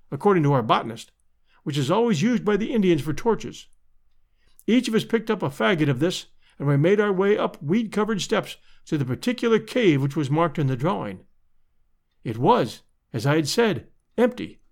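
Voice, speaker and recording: A man narrating a storybook adventure in an expressive, measured way. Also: high-pitched. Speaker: audiobook narrator.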